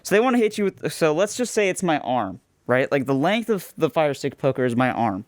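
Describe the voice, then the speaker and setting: Animated argumentative young man. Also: a little high, fairly quick, no echo, clean studio sound. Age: young adult. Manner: insistent, argumentative, restarts often. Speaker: podcast co-host. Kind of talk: heated casual debate.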